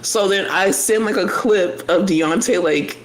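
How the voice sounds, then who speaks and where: Animated storytelling male podcast co-host. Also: high voice, a little slow, a crowd in the background. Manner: animated storytelling, acts out quoted voices. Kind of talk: casual chat.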